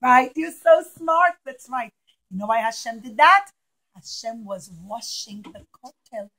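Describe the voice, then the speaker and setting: A woman telling a story to young children in a classroom, animated, acting out the characters with gasps and whispers. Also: fairly high pitch, measured pace, low-quality recording.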